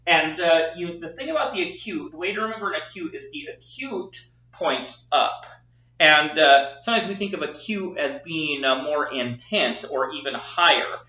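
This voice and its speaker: A man's voice: a little high, bright, forceful tone. Man, teacher, patient explanations, echoey classroom, dull lo-fi recording. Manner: explains patiently, repeats words slowly with stress. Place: classroom with a whiteboard. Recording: echoey room, dull lo-fi sound.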